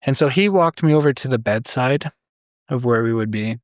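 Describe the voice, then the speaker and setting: A man from Idaho, a podcast guest, telling a personal story in a casual, animated way with many fillers and acted-out quotes. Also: mid-range voice, moderate pace, dry recording, clean studio sound. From Idaho, USA.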